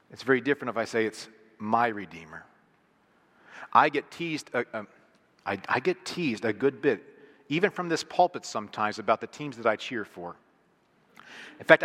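Man, middle-aged pastor, bright forceful voice, emphatic sermon delivery, echoey church hall. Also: medium pitch. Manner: earnest, emphatic, leans hard on single words.

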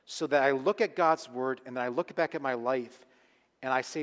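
A man preaching a sermon, earnest and emphatic, swinging between quiet, intimate lines and loud, pressing ones. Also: mid-range voice, moderate pace. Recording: long reverb of a large hall.

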